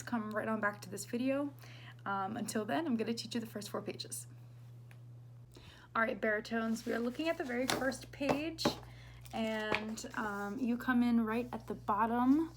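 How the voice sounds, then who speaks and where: A woman's voice: medium pitch, slight background noise. A woman teaching a choir part in a casual online music lesson, talking through pronunciation with lots of ums and singing short example phrases. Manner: chatty, many ums, sings example phrases.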